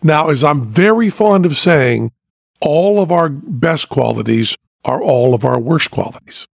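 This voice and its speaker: Husky, animated man telling stories. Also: a little high, a little slow, dry recording, studio quality. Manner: animated storyteller, laughs often. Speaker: podcast co-host. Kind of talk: casual podcast chat.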